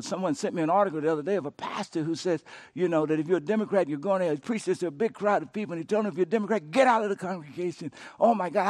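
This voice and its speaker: A male pastor preaching a sermon, swinging from loud emphatic peaks to hushed, intimate passages, and talking straight to listeners and coaxing them to repeat prayers after him. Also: high-pitched, no room sound, clean studio sound.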